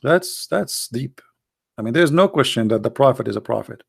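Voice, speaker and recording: Sarcastic man with a gravelly voice. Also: mid-range voice, lively intonation, moderate pace. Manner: sarcastic and mocking, with rhetorical questions. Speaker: host of a livestream. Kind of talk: casual polemical talk to a live chat.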